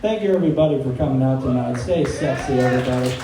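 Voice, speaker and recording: A man's voice: medium pitch, fast. A young man doing stand-up comedy, telling a loose, rambling story with lots of fillers. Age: young adult. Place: campus comedy venue. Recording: echoey room recorded from far away, background noise.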